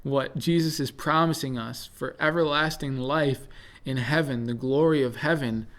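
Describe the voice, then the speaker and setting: Young male presenter, casual scripture talk, relaxed and unpolished. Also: medium pitch, normal speed. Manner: relaxed, thinks aloud with fillers. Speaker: bible study presenter. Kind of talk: casual bible reflection.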